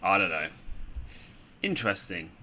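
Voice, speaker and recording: A man's voice: low-pitched, sing-song, measured pace, bright, forceful tone. A man giving casual, chatty commentary on a game with sarcastic asides. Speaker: gaming video host.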